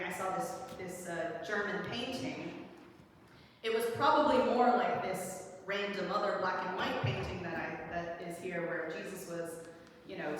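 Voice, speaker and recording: A woman's voice: on the low side, a little hiss or hum. Young woman preaching in an echoey church. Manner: casual, animated storytelling with quoted dialogue. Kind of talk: personal story in a sermon. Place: large church sanctuary. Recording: echoey church hall from a distance.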